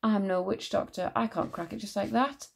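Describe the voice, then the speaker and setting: A woman voicing a brave, fierce young girl in a storybook reading, with a bold, quick manner. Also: medium pitch, steady tone, vocal fry.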